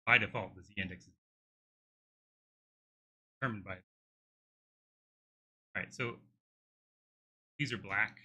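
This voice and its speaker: A man's voice: lowish voice, slow pace, pauses often, sharp tone, slightly rough. A middle-aged man with a tired throat, live coding and thinking aloud, hesitant with many restarts. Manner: hesitant, many restarts while working things out. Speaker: game developer streaming live.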